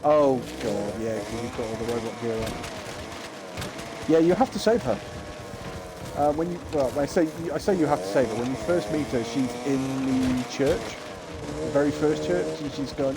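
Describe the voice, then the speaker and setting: A man rambles excitedly through a casual gaming stream in a voice of ordinary pitch. Game sounds roar clearly behind him. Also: normal speed, noisy background. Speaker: streamer playing a survival shooter. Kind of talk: casual gameplay chat.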